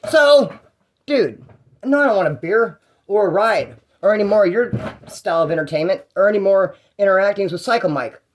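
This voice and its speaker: A man's voice: sits high, expressive, moderate pace. A young man telling a story in a casual, slangy, rambling way, with restarts.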